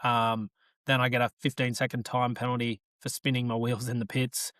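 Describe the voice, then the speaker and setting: A man's voice: medium pitch, little pitch movement, normal speed, a bit bright, dry recording, studio quality. A man with an Australian accent, a racing driver co-hosting a podcast, telling rambling stories in casual chat with frequent laughs.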